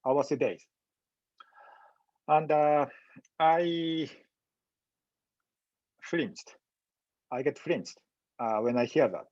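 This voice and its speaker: A man giving a medical lecture in a webinar, speaking in a halting, measured way with frequent pauses and fillers. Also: on the high side, a little mellow, no echo, lo-fi sound. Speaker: physician lecturer.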